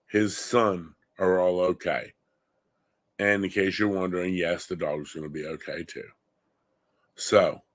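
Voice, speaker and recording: A middle-aged man from Long Island, hosting a gun-focused show and giving opinionated, indignant commentary. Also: low-pitched. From Long Island, New York. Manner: indignant, rising to heated emphasis.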